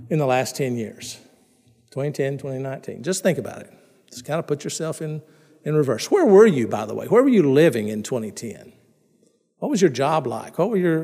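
A middle-aged man preaching a sermon as pastor, in a conversational way, repeating and restarting words and asking his listeners questions. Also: fairly high pitch. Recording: long reverb in a large hall.

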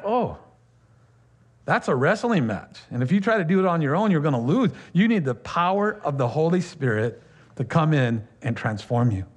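A man preaching a sermon as pastor, talking conversationally with laughs, fillers and quick asides. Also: a little high.

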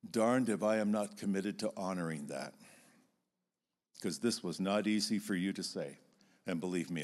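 Man, middle-aged, low-pitched, Christian speaker, earnest teaching talk, expressive delivery. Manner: earnest and expressive, acting out emotional outbursts. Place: stage before an audience.

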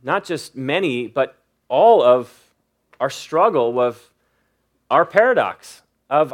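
A middle-aged male pastor preaching a sermon in an earnest way, reading scripture slowly with emphasis. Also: medium pitch, expressive.

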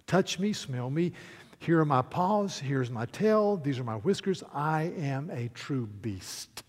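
A man voicing a majestic lion king who is gentle but commanding, speaking slowly and solemnly. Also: fairly high pitch, expressive. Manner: slow and solemn. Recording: echoey hall reverb.

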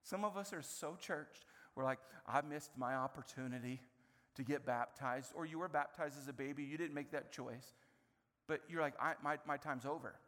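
A man preaching a sermon as pastor, animated, with playful asides and sudden swings between loud and quiet. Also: fairly high pitch, long reverb tail. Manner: animated, playful asides, quick shifts in volume.

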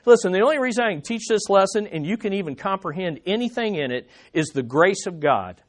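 A male preacher delivers a sermon in a fairly high voice. He presses his points hard and circles back to the same rhetorical questions again and again. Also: lively intonation, a little fast. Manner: emphatic, repeating rhetorical questions.

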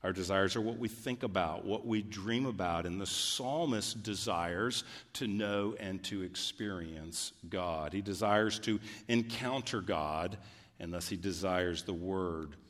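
Slow, deliberate male preacher in a hall. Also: deep voice, a bit bright. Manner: deliberate, building to fervent emphasis. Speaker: pastor. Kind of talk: sermon. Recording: reverberant hall.

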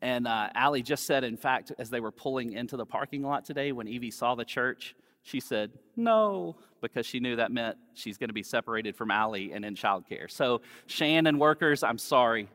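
A man preaching a sermon as pastor, speaking gently and conversationally and weaving in personal stories. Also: mid-range voice, brisk, few pauses. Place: church. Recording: long reverb of a church hall.

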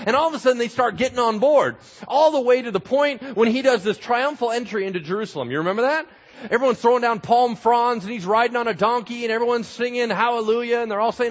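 A man's voice: sits high, expressive, fast talker, lo-fi sound. A man preaching a sermon, telling the story dramatically and acting out the voices of the crowd. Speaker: pastor.

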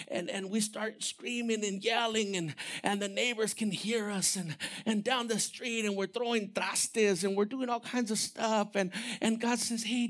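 A man preaching a sermon as pastor, animated, swinging from shouted lines to hushed, near-whispered ones. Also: high-pitched, normal speed, gravelly, few pauses.

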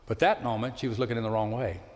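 A man preaching a sermon as pastor in a church sanctuary, swinging between loud appeals and hushed asides. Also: mid-range voice, steady tone, fast. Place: church sanctuary with live congregation. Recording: long hall reverb of a church.

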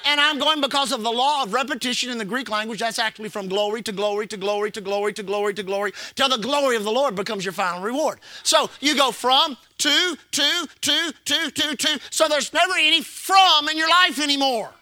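A man's voice: very high-pitched, a little fast, hardly any pauses, bright, forceful tone, no echo. A man preaching a sermon as pastor, repeating phrases and calling the congregation to respond. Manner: preaching with call-and-response and repetition.

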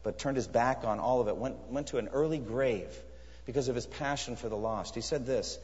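A man's voice: medium pitch, normal speed, darkish tone. A man preaching a sermon in an earnest, emphatic way, pressing his listeners with searching questions. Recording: echoey hall, dull lo-fi sound.

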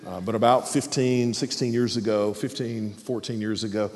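A man's voice: fairly low pitch, fairly even intonation, moderate pace, a little mellow. A man, a pastor, preaching a sermon with emphasis, often repeating words as he presses a point. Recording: long hall reverb.

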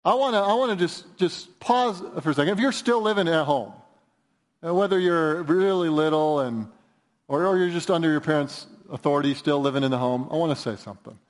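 A male pastor preaching an earnest, emphatic sermon in a church, moving between raised and hushed delivery. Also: on the high side, brisk. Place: church sanctuary. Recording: reverberant church hall.

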